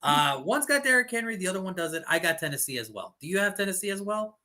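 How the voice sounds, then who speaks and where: A man co-hosting a casual sports show, making football picks with jokes and the odd curse. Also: high-pitched. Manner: animated, swears, quick jokes. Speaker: podcast co-host.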